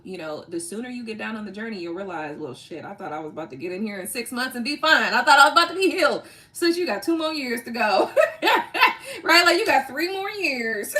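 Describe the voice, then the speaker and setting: Woman doing a tarot livestream, bright sharp voice, blunt and sweary, laughs a lot, says right? all the time. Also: medium pitch. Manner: blunt, animated, laughs often and swears freely; repeats "right?" and "you know" constantly. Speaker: tarot reader and livestream host. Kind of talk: casual livestream talk to viewers.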